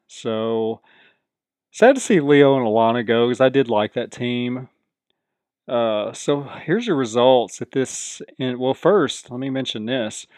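Male podcast host, casual recap, medium pitch, dry close mic. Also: dry recording. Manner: chatty, quotes the contestants in animated voices. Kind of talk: casual reality show recap.

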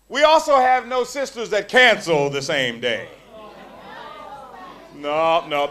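A middle-aged male preacher delivers a sermon in a church. His voice sits high and swings widely in pitch as he acts out the people in his stories. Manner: animated, acts out quoted voices. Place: church hall.

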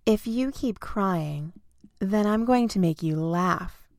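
A woman doing a loud, lonely, mischievous cloud. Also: medium pitch, expressive, takes it slowly, no echo, clean studio sound. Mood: playful.

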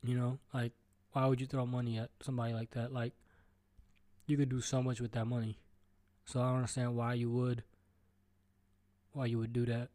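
Man, podcast host, solo rant, mellow voice, profane, stuttering, rambling, recording at home. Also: mid-range voice, monotone, moderate pace, pauses often. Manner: rambling, profane, jumps between topics; stutters and restarts.

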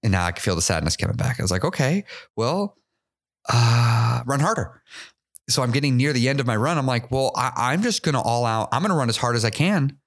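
A man hosting a podcast, telling a personal story in a candid, halting way, often repeating his words and laughing at himself. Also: mid-range voice, expressive, a bit bright. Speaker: podcast host.

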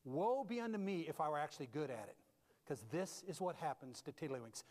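A man preaching a humorous sermon as a pastor, animated and self-mocking, moving from loud bursts to low asides. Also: moderate pace, big-room sound.

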